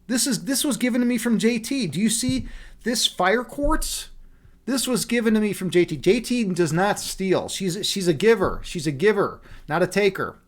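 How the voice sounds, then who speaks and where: A man's voice: sits high, expressive, moderate pace. A man hosting a livestream, chatting casually with his viewers in a loose, playful, rambling way with lots of fillers. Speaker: livestream host reading chat.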